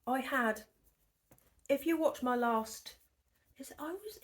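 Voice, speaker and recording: A woman's voice: high voice, lively intonation, takes it slowly. A woman hosting a knitting podcast from her living room at home, in a chatty, rambling show-and-tell that often drops to a near whisper. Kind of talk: casual show-and-tell chat.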